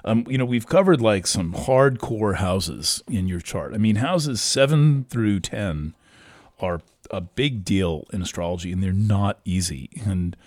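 A man giving an astrology reading in a casual, halting way, with many restarts and fillers. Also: lowish voice, lively intonation, darkish tone, dry recording.

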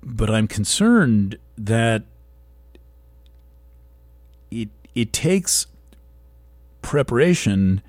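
A man hosting a weekly show, talking in a slow, thoughtful monologue that halts and restarts as he searches for words. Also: lowish voice, big pitch swings, a little mellow, no echo. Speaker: host. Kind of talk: reflective monologue.

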